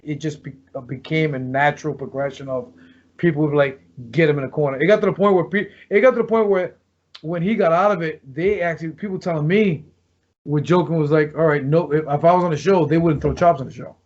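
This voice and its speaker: Man, fairly high voice, casual storytelling, rambling with restarts, muffled lo-fi audio. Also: quick pace. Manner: rambling, restarts often, acts out quoted lines. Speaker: former pro wrestler, guest. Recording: dull lo-fi podcast audio.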